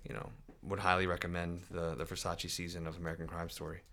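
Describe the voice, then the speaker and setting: A man with a low but bright, forceful voice chats casually on a podcast. He hesitates often and restarts his sentences. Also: flat delivery, quick pace, gravelly. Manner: hesitant, many fillers and restarts. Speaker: podcast co-host. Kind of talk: casual chat.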